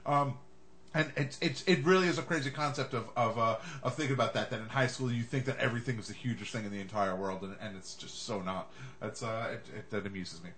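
A man's voice: medium pitch, quick pace, a bit bright. A man hosting a casual chat show, joking around and wandering off into side stories. He talks loosely and playfully with his co-hosts. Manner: jokey, rambling, digressive. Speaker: podcast host.

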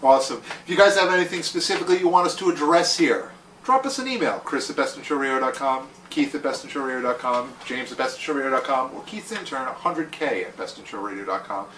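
A man's voice: mid-range voice, expressive, fast, a bit bright, echoey room, recorded from a distance, a little hiss or hum, rough recording. Joking man hosting a comedy podcast. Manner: jokey, self-deprecating, playful. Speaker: podcast host.

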